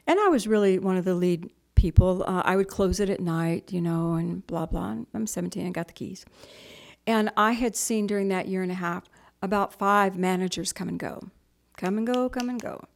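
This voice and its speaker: A middle-aged spiritual teacher talks to a group in a chatty, storytelling style, acting out other people's voices and dropping to soft whispers on key points. Her voice is medium in pitch.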